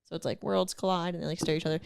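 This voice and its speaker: A young woman co-hosts a laid-back podcast, chatting and giggling as she rambles through stories. She fills her speech with "like" and "um," and her voice sounds smooth and clear. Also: fairly low pitch, steady tone, very fast. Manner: giggly, rambling with many fillers. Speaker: podcast co-host. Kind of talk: casual chat.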